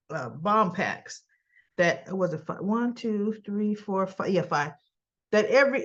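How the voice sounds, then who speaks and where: A woman in a casual recap monologue, talking at an unhurried, drawn-out pace. She retells scenes with quoted lines and throws in her own asides. The recording sounds dull and lo-fi. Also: mid-range voice. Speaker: soap opera recap host.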